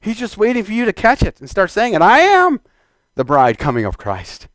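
A man preaching a fervent sermon in a church, exhorting the congregation and shouting declarations. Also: high voice, very animated, a little fast, no echo, studio quality.

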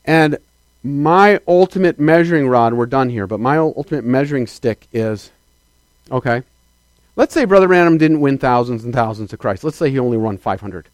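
A man delivers a sermon in an expressive, medium-pitched voice at a moderate pace, with no echo. He preaches emphatically, shifting from loud proclamations to quiet remarks and calling on the congregation for affirmation.

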